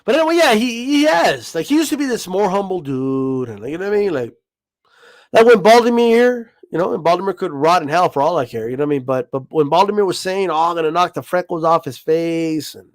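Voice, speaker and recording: High-voiced man ranting, dry sound. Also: big pitch swings, fast talker, no echo. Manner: profane, rambling, keeps asking "you know what I mean". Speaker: boxing livestream host. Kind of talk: casual rant.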